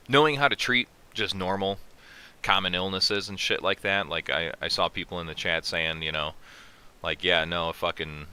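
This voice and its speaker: A man with a very low voice that is sharp, bright and forceful speaks bluntly and swears freely. His words come out crisp and clear, broken up by long "um"s. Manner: blunt, profane, drawn-out fillers. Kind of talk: casual chat.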